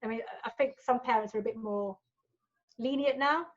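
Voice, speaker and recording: On a dull lo-fi recording, a fortyish woman with family roots in Gujarat, India talks a little fast in a voice on the high side. She's being interviewed casually and tells animated, blunt stories, voicing the quotes herself.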